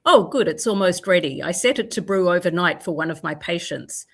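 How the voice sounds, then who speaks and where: A woman's voice: lowish voice, expressive, fairly quick, husky. A woman voicing a busy middle-aged mother, a doctor and witch, as she reads a manuscript aloud on a video call. The mother mutters to herself while she cooks. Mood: brisk.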